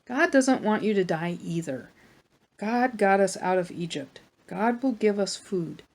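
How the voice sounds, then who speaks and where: A woman's voice: mid-range voice, expressive, unhurried, creaky. Moses, a woman voicing a patient, pleading leader. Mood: reassuring. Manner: earnest, gently pleading.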